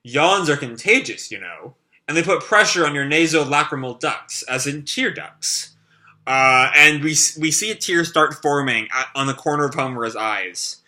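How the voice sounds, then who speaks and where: A man's voice: fairly high pitch, lively intonation, moderate pace, pushed and bright. Chatty man reacting to a comic. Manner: loose and chatty, with many fillers. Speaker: reaction video host. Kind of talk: casual live reading and commentary.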